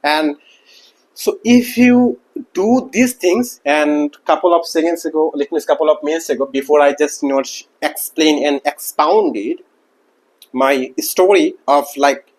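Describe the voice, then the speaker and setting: A man who did not grow up speaking English, talking casually to camera as a teacher and packing his speech with fillers like "like" and "you know what". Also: on the high side. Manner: rambling, heavy use of like and you know what. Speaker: English teacher and channel host.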